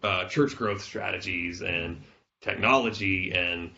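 A man's voice: deep voice, slow pace, creaky, bright, forceful tone, dull audio. A man co-hosting a podcast in casual chat, talking things through with fillers and restarts. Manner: conversational, reads a quote aloud with fillers. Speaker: podcast co-host.

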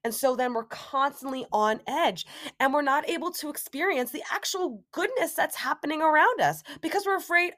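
A woman's voice: high voice, normal speed, a bit bright. A young adult woman hosting a solo podcast, talking casually and animatedly, acting out inner voices and quoted remarks. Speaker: podcast host.

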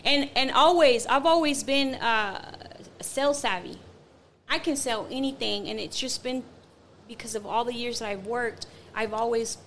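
A woman's voice: fairly high pitch, normal speed, a little hiss or hum. A woman telling a personal story in casual chat, acting out the quotes with lots of fillers. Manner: animated, acts out quotes, many fillers.

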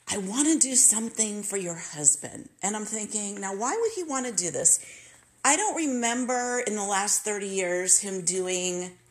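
A middle-aged woman telling a candid, emotional personal story on her podcast and acting out the people in it. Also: medium pitch. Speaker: podcast host.

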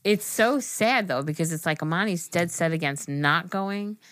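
Lower-voiced chatty podcast woman. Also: expressive, moderate pace, a bit bright, no echo, studio quality. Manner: chatty, laughs often, swears casually. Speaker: podcast co-host. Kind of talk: casual chat.

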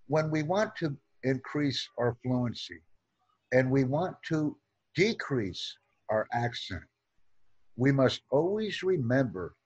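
A man gives an online English lesson, running slow, deliberate drills and repeating sentences so learners can practice. His medium-pitched voice is husky and a little mellow, and the recording has its highs cut off.

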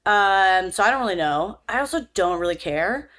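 A woman's voice: medium pitch, animated, moderate pace, a bit bright. A young woman co-hosting a podcast, chatting casually in a wry, rambling, self-deprecating way with casual swearing. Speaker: podcast co-host. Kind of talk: casual chat.

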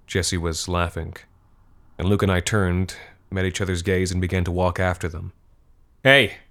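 A man reading a scripted horror story in a measured, grim manner. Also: low voice, completely flat delivery.

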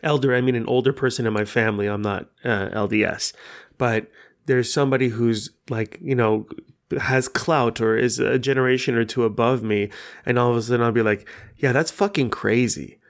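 A man's voice: medium pitch, fairly even intonation, brisk. A man whose first language is Persian hosts his own podcast in frank, casual solo talk. He rambles with lots of fillers and swears freely. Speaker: podcast host.

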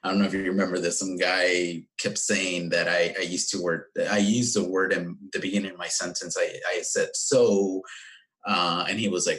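A man with a very low voice joins a casual podcast as a guest. He gives advice in an animated, emphatic way and often restarts his sentences. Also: brisk, rough recording. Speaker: podcast guest, watch reviewer.

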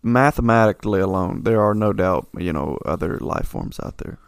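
A man's voice: deep voice, moderate pace, vocal fry, no room sound, studio quality. A man co-hosting a casual podcast chat, laid-back and joking, calling people dude and man.

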